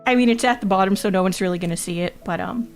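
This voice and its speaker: A woman's voice: mid-range voice, racing, faint music behind. A woman streaming casually, reading chat aloud, joking crudely and laughing often, often repeating her own phrases. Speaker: VTuber streamer.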